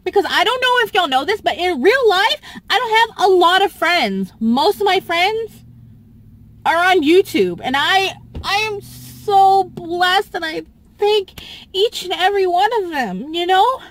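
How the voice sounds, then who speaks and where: A woman talking to camera about a falling-out with a friend, tearful, halting and repeating herself as she restarts her sentences. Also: extremely high pitch, lively intonation, a bit bright. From Southern US. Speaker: YouTuber. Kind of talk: emotional personal vlog.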